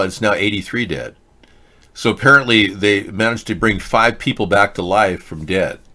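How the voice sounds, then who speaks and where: A man's voice: fairly low pitch, sharp tone. A man hosting a live video-chat show, commenting indignantly and answering viewers. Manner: indignant, rambling, talks back to chat. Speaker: host.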